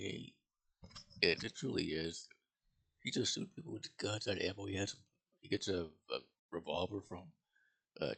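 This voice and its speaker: A man with a low, gravelly voice talks through a movie review in a loose, rambling way. His tone is bright and edgy, with a husky grain, and he swears freely between fillers. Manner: rambling, profane, with many fillers and restarts. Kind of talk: casual spoken movie review.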